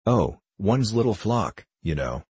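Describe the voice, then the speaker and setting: A man's voice: fairly low pitch, very animated, a little slow, darkish tone, breathy edge, no room sound, full character voice. A man voicing a mild, vague little country priest who speaks simply and apologetically in an audiobook reading. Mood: apologetic.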